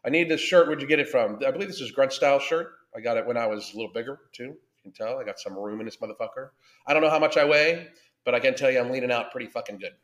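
A man's voice: medium pitch, racing, a bit bright. A man hosting a livestream as a weight-loss coach, talking casually and bluntly with constant swearing, and greeting his viewers by name. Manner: blunt and heavily profane.

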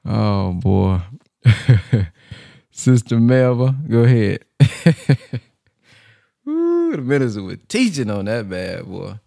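A man's voice: mid-range voice, big pitch swings, takes it slowly, vocal fry, long pauses, mellow, no room sound. Chatty laughing male host, dry sound. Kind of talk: casual live-stream chat.

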